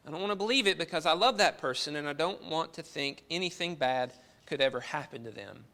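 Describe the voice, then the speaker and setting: A man's voice: on the high side, a little fast, bright, forceful tone. A man preaching a sermon to his congregation, earnest and full of rhetorical questions.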